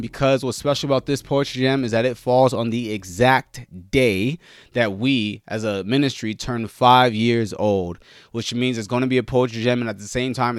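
A man's voice: fairly low pitch, dry recording, clean studio sound. A man hosting a Christian podcast, out of breath after running up stairs, chatting casually and correcting his own slips. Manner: energetic, rambling, self-correcting. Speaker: podcast host. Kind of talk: casual chat.

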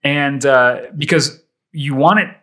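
A man talks through his ideas in a relaxed, conversational way, often restarting sentences and reaching for everyday comparisons. His voice is bright and forward, and he sits at a middling pitch. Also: slow. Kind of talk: casual chat.

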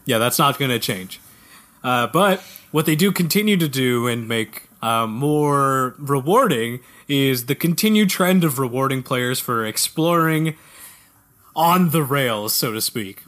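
A man's voice: medium pitch, expressive, fairly bright tone. Man joking through casual game chat. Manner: joking, quick banter. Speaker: podcast co-host.

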